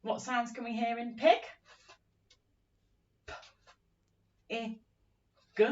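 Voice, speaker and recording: A woman teaching an early-years phonics lesson in a slow, sing-song, encouraging way, acting out story lines as she goes. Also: a little high, little pitch movement, a little mellow, far from the mic, lo-fi sound.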